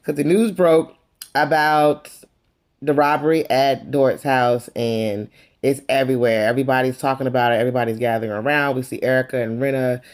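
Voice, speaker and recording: A woman's voice: extremely low pitch, steady tone, brisk, darkish tone. Sassy lady doing a reality tv recap on youtube, dramatic, keeps saying honey. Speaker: YouTube reviewer. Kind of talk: casual TV recap.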